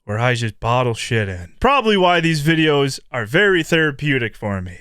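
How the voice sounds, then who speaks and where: A young man venting in a candid gaming vlog, animated and profane, swinging into loud mock-dramatic outbursts. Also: medium pitch, normal speed, hardly any pauses, smooth, no echo, studio quality. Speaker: gaming YouTuber.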